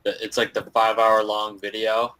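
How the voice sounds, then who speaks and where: A man's voice: lowish voice, monotone, normal speed, pushed and bright, rough recording. A man on a casual live call, talking hesitantly with restarts and fillers. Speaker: participant on a chart analysis call.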